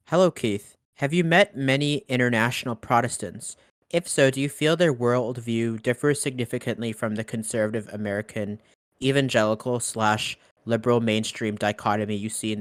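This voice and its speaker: A man's voice: medium pitch, normal speed, no echo, studio quality. A young man hosting a Q&A, reading audience questions aloud and adding short comments. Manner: reads questions aloud, then adds brief comments.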